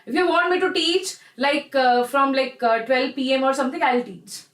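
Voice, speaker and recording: A young woman with an Indian English accent teaches a live online chemistry class, chatty and encouraging, calling her students "bacha." Her voice sits high and is fairly bright, at normal speed, with roomy sound and poor audio.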